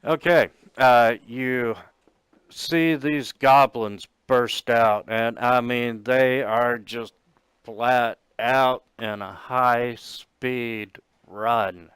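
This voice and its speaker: Guy running a tabletop game, really slow, lots of ums, dry close sound. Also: mid-range voice, fairly even intonation, fairly bright tone, clean tone, no room sound. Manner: slow, halting narration with fillers. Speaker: game master.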